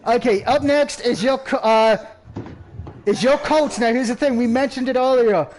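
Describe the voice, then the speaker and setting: A man's voice: very high-pitched, moderate pace, a little mellow. A man hosting a casual sports picks stream, joking, laughing often and swearing. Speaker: host.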